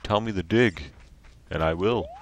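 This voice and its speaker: A gruff, boastful gravedigger with a scary face and a put-on accent, as a man doing a game character's voice. The voice sits low and deep, and he talks in a slightly louder, self-important way. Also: a little slow, a little hiss or hum.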